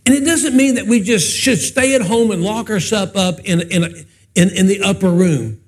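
High-voiced folksy preacher. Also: male voice, moderate pace. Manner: folksy, chatty, asks the congregation questions. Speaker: pastor. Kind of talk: humorous preaching with personal stories.

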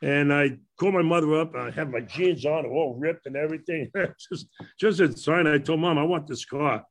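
On a panel, a former ballplayer, an older man with a Brooklyn accent, casually rambles through stories from his past, chuckling at his own tales. He talks at normal speed in a voice on the high side.

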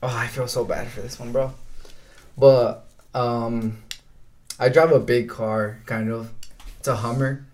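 A man's voice: medium pitch, fairly even intonation, unhurried, pauses often, darkish tone. A young man telling laid-back stories on a podcast, swearing often, saying "bro" a lot and laughing as he goes. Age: young adult. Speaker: podcast co-host. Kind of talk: casual storytelling chat.

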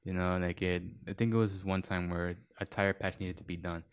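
Low-voiced guy rambling fast through work stories, lots of "you know". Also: little pitch movement, clean tone. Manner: rambling storyteller, many fillers and quoted voices. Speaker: podcast guest. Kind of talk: casual chat.

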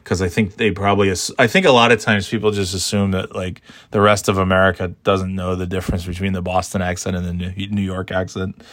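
A man's voice: deep voice, little pitch movement, fairly quick, a bit bright, no room sound, studio quality. A tired, yawning man rambling sarcastically in a casual monologue, swearing freely and mocking himself. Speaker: vlogger.

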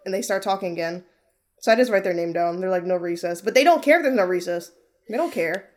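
A woman chatting casually over a video call, an animated storyteller who swears freely and mimics kids. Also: fairly low pitch, fast. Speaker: podcast co-host. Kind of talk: casual chat.

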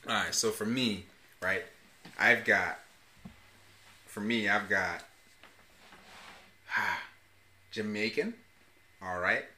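A man co-hosting a podcast in relaxed casual chat, often calling his partner "man". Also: on the low side, drawn-out words, pauses often, a little hiss or hum. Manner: laid-back, says "man" often. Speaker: podcast co-host. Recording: roomy echo.

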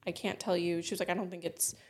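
A woman's voice: lowish voice, flat delivery, fast. A woman co-hosting a podcast, telling a personal story in blunt casual chat with lots of swearing. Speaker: podcast co-host.

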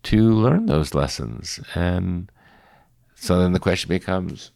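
Deep gravelly man. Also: lively intonation, slow, darkish tone. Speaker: podcast host. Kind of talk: casual conversation.

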